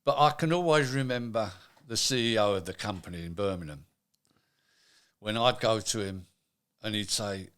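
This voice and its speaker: A man's voice: fairly low pitch, normal speed, a bit bright, smooth. An older man, a retired executive chatting in an interview and acting out what people said to him. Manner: chatty, acts out quoted dialogue. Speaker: retired manufacturing executive, guest. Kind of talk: casual interview.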